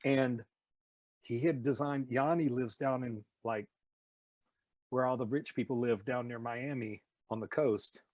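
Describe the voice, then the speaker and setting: Animated voice actor with a light Tennessee accent. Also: male voice, mid-range voice, a little slow, no room sound. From Nashville, Tennessee. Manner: animated, slips into impressions. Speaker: voice actor guest. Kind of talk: casual interview storytelling.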